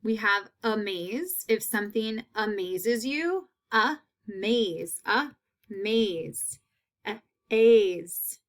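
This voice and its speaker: Slow, clear-spoken woman teacher. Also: mid-range voice, sharp tone. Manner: slow, repeats each word clearly. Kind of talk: phonics lesson.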